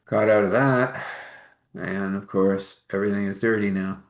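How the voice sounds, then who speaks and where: A man telling a personal story out loud in a halting, rambling way, with fillers and restarts. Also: lowish voice, fairly even intonation. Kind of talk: casual spoken storytelling.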